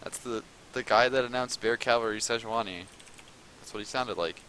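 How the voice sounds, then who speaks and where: A man hosting casual commentary on a video game match, chatting and rambling in a relaxed way. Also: medium pitch, normal speed, a little hiss or hum, low-quality recording. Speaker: esports caster.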